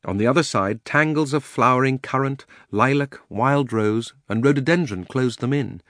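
In clean studio audio with no room sound, a man reads a children's fantasy audiobook. His medium-pitched voice carries a measured, expressive storytelling style.

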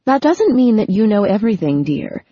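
A woman voicing a fussy middle-aged mother who scolds gently in an audiobook. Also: mid-range voice, sing-song, moderate pace, breathy edge, no echo, highs cut off. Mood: fussing. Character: fussy middle-aged mother, well-meaning but nagging.

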